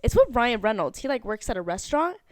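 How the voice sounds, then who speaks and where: A woman's voice: fairly high pitch, sing-song, quick pace, dry recording, clean studio sound. A young woman co-hosting a casual podcast, chatty and full of "like", laughing as she retells stories. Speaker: podcast co-host.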